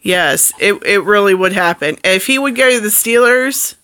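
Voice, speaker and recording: A woman family vlogger in casual chat, talking in a rambling, excitable and jokey way. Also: medium pitch, moderate pace.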